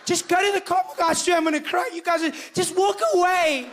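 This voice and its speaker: A man's voice: steady tone, a little fast, slight background noise. A man putting on the voice of a frantic young woman begging her boyfriend to walk away from a club fight. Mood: pleading. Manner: pleading, shrill, shouting.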